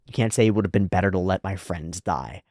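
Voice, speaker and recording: A man's voice: low voice, fast talker, a little mellow, dry recording, studio quality. A man reacting to an anime episode, thinking aloud in a casual, reflective way and often saying "like". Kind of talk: casual analytical commentary.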